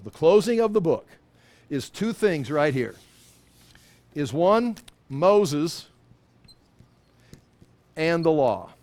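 A man's voice: fairly high pitch, sing-song, takes it slowly, pauses often, darkish tone. A man teaching from the Bible in an informal sermon, rambling and breaking off mid-sentence, with humorous asides. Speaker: preacher.

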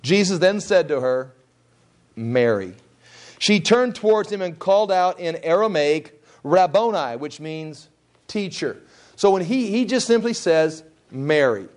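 Guy with a high voice going through a bible passage, chatty, retells it in his own words, restarts a lot. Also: animated, normal speed. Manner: retells scripture in his own words with restarts, briefly acting out the people's lines. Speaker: preacher teaching the Bible. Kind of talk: conversational Bible teaching.

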